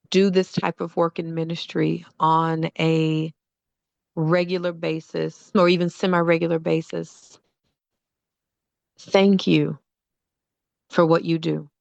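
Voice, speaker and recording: A middle-aged woman hosts her own show and tells stories with energy, slipping into the voices of the people she quotes. Her voice sits low with a gravelly edge. The sound is close and dry with a somewhat muffled tone. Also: no room sound. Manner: animated, acts out quoted voices. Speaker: podcast host. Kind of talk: storytelling monologue.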